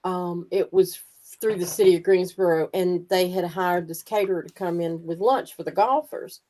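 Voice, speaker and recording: A woman's voice: lowish voice, steady tone, normal speed, mellow. A woman co-hosting a live stream, telling stories casually and laughing. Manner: storytelling, laughs. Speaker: co-host.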